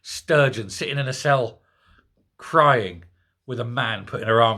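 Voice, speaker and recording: Brief: middle-aged male commentator, bright, forceful voice, mocking and sarcastic rant to camera. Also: medium pitch, measured pace. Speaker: political commentary host. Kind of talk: solo political rant to camera.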